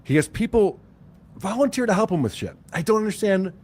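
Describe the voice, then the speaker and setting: A man hosting a commentary channel, giving a wry, exasperated recap of online drama and reading out messages with hesitant pauses. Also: high-pitched, very animated, darkish tone.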